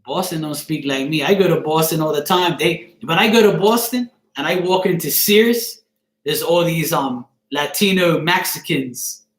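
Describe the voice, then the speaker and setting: A man's voice: fairly high pitch, moderate pace. A Bermudian man chatting casually on a live stream, joking and swearing offhandedly as he answers viewers by name. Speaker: live streamer reading chat. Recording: echoey room.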